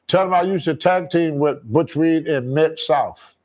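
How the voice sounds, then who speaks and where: An older man chats as a guest on a live stream, his voice sitting a touch high. He reads out viewer comments and scolds the host with relaxed chuckles. The delivery is unhurried and conversational.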